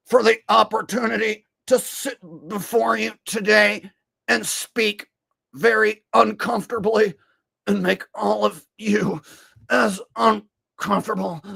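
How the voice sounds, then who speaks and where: A man impersonating a middle-aged male political nominee, with a strained, halting, stammering voice. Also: steady tone, gravelly, pushed and bright, husky, no room sound, exaggerated voice. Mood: mocking. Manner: mocking impression with strained high delivery.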